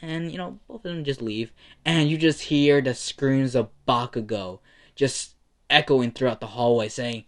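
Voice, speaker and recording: A young man narrating a homemade fan story off the cuff. His pitch sits in the middle range, and he talks in a rambling, slangy way with many fillers. It sounds relaxed and unpolished. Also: a little slow.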